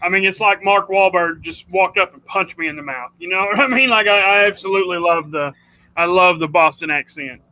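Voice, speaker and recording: A man's voice: high-pitched, brisk, pushed and bright, low-quality recording. A man hosting a casual livestream chat, rambling and chatty, often calling people dude. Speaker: livestream host.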